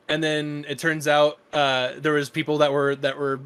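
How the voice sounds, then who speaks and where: A man's voice: a little high, little pitch movement, normal speed, few pauses, a bit bright, clean tone. A young man co-hosting a casual chat show, talking in a loose, rambling way and swearing casually. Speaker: podcast co-host.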